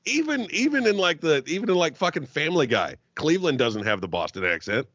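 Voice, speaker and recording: A man's voice: a little high, big pitch swings, fast, fairly bright tone, no echo, lo-fi sound. A man co-hosting a podcast, swearing freely and laughing as he jokes, with frequent stumbling restarts. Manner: profane, joking, laughs often, trailing restarts. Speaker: podcast co-host. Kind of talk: crude comedic podcast banter.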